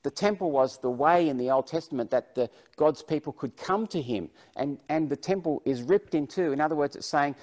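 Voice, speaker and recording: A man's voice: a little high, a little fast, hardly any pauses, darkish tone. A man preaching a sermon, reading Bible verses aloud with emphasis and then explaining them.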